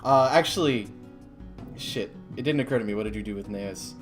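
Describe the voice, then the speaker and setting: A man's voice: on the low side, brisk, faint music behind. A man running a tabletop game as game master, chatty and loose, often laughing.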